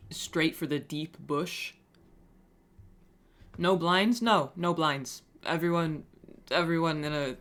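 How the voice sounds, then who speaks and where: Streamer rambling to chat, swears a lot, dry self-mocking jokes, answers chat out loud. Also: mid-range voice. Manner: chatty, swears casually, reads and answers chat aloud; wry, self-mocking humor. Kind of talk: casual live-stream chat.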